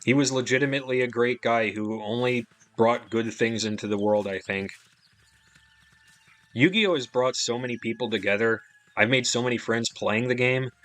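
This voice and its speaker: A man's voice: fairly low pitch, fairly bright tone. A man streaming a video game live, chatting casually and rambling between remarks, with an easy, offhand swear here and there.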